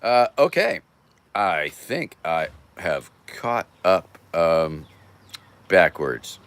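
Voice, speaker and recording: A man's voice: low-pitched, very animated, very slow, a bit bright, dry recording. An older man hosting a casual livestream, rambling loosely and irreverently as he thanks viewers by name. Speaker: livestream host. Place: home, near a porch.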